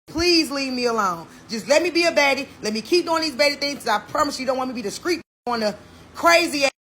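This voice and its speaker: Bright, high-voiced woman ranting defiantly. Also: animated, fast, a little hiss or hum. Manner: defiant, boastful, cursing. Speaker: reality show personality. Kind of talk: heated rant to camera.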